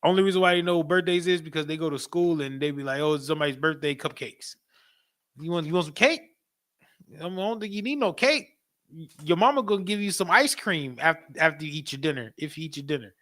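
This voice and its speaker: Bright-voiced man preaching to a class. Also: a little high, fast. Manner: animated, repetitive, frequent asides to the audience; laughs often while talking. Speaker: class teacher.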